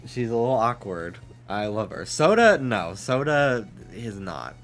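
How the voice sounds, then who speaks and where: A man streaming a game from his home office, chatting casually, swearing freely and cooing to his dog in high baby talk. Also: big pitch swings, unhurried, a bit bright, faint music behind.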